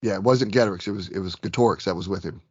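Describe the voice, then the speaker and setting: Chatty, low-voiced podcast host. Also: male voice, rapid-fire, darkish tone, slightly rough, no room sound, lo-fi sound. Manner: chatty, self-deprecating, rambling. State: slightly hoarse from illness. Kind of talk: casual chat about tabletop gaming.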